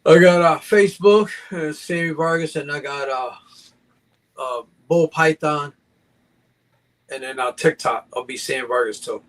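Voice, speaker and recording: A man from Puerto Rico, a guest snake breeder, chatting casually on a live video call, easygoing and quick to laugh. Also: fairly high pitch, a bit bright, poor audio. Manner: easygoing, laughs often, loose grammar. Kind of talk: casual live-stream chat.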